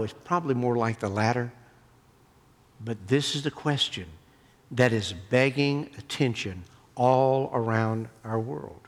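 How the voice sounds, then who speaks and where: A man delivers a sermon from the pulpit, slowing down to hammer home his key phrases and then climbing to loud, forceful peaks. His voice sits at a middle pitch for a man. A long reverb from the church hall trails after every line. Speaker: pastor. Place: church sanctuary.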